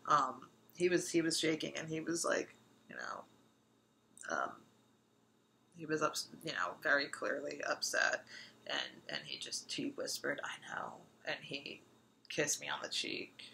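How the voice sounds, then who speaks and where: A woman's voice: low-pitched, very animated, measured pace, creaky, sharp tone, a little hiss or hum, low-quality recording. A woman in her thirties telling a personal anecdote casually, rambling and full of fillers. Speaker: storyteller.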